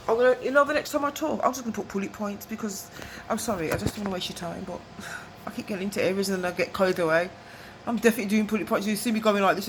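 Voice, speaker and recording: A woman's voice: medium pitch, noisy background. A middle-aged woman, telling rambling personal stories to camera, digressive and chatty, often asking "you know what I mean?". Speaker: vlogger.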